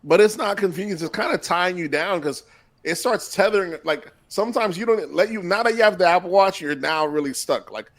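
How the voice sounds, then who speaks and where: A man's voice: high-pitched, a little fast, a bit bright. A young man co-hosting a casual podcast chat, boasting and sometimes talking with food in his mouth. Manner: boastful, talks while eating. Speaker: podcast co-host.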